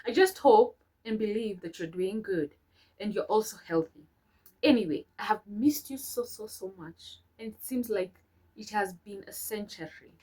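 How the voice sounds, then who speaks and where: A woman's voice: mid-range voice, animated, moderate pace, mellow, slightly rough, low-quality recording. A young woman, a vlogger reading her old letters aloud and breaking off to chat about them sentimentally. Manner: sentimental, chatty asides between read lines.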